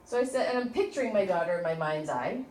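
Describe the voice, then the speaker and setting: A woman's voice: on the low side, quick pace, slight background noise. Chatty woman teaching a class. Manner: chatty, storytelling, animated asides. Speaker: tapping instructor. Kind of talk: informal workshop lesson. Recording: echoey room from a distant mic.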